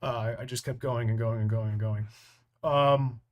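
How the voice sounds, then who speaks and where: A man's voice: mid-range voice, fairly even intonation, normal speed. Man hosting a rambling live stream. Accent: American. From United States. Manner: rambling, full of restarts and fillers. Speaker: host of a live training stream. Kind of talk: casual live-stream talk, reading comments.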